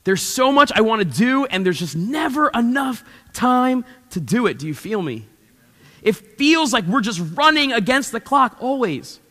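A man's voice: very high-pitched, sing-song, normal speed, bright, forceful tone, long reverb tail. A young adult man preaching a sermon from a church stage, telling stories with animation and playful asides to the congregation. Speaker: pastor.

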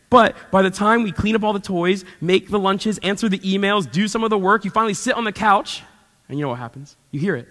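A young man preaching from a church stage, his voice pitched high and ringing bright. He tells animated stories with playful asides to the congregation, and the sound hangs in a long hall reverb. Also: fairly quick. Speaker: pastor. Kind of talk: sermon.

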